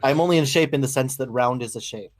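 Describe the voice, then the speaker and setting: A man's voice: mid-range voice, fast. A man in his forties with a Midwestern American accent, a guest on a casual video-call chat, joking dryly at his own expense. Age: 40s. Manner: self-deprecating, dry humor.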